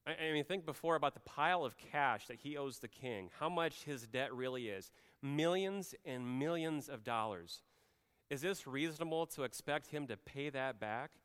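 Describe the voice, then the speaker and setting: A man preaching a sermon as pastor, conversational, often slowing and dropping to a quiet voice for emphasis. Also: mid-range voice, lively intonation, clean tone, big-room sound. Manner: conversational, drops soft and slow for emphasis.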